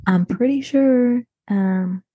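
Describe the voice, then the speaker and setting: In narrow, tinny audio, a woman with a slightly high voice speaks slowly as the show's main character, a frazzled, wealthy Southern mom who is dramatic and petty. In this comedic character monologue she sounds exasperated, rambling and gossiping, restarting constantly and acting out other people's voices.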